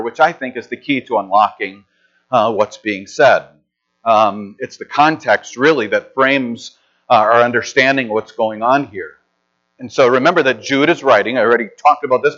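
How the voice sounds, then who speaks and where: A middle-aged man delivers a sermon in an easy, conversational manner, drifting into stories and restarting his sentences. His voice sits at an ordinary pitch for a man. The recording sounds slightly muffled and lo-fi. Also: fairly bright tone. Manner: conversational, anecdotal preaching with frequent restarts. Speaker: pastor.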